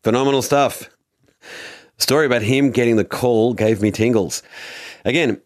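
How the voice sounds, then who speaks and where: A man's voice: lowish voice, normal speed, no room sound, studio quality, faint music behind. A man hosting a podcast, reading a casual news roundup with playful asides. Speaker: podcast host.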